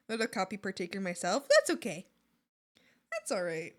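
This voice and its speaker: A woman's voice: medium pitch, big pitch swings, normal speed. A woman streamer chatting casually while drawing, reading chat and often laughing and joking. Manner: bubbly, laughs a lot, swears playfully. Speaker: art streamer.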